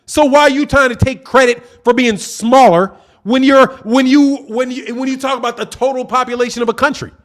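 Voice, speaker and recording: A man's voice: extremely high pitch, steady tone, a little fast, a bit bright. A man hosting a live boxing stream, arguing combatively and mockingly with his viewers while reading super chats. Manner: combative, mocking, trash-talking. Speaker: boxing channel host.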